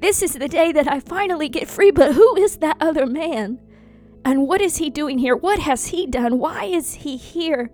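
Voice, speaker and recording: A woman performing a first-person dramatic monologue, anguished and intense, full of pauses and repeated phrases. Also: high-pitched, expressive, a little mellow, soft background music. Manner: slow, anguished and intense, with many pauses and repetitions.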